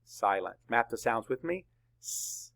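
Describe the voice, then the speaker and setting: Spelling words out slowly letter by letter, a male teacher leads young children through a lesson, answering the questions he asks. His medium-pitched voice is expressive and gravelly, with a fairly bright tone.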